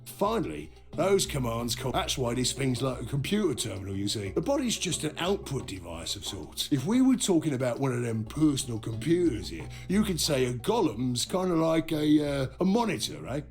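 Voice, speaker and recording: A man's voice: mid-range voice, very animated, moderate pace, hardly any pauses, faint music behind. A man voicing a chatty male robot golem with a Cockney accent, in a folksy, slangy, rambling manner. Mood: explaining. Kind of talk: video game voice acting.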